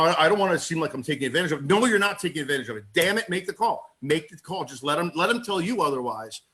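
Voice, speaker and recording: Goofy excitable guy on a sales call, bright slightly high voice, rambles. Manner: excitable, rambling, quick to laugh; self-described goofball. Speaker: sales agent. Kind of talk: casual call-in chat.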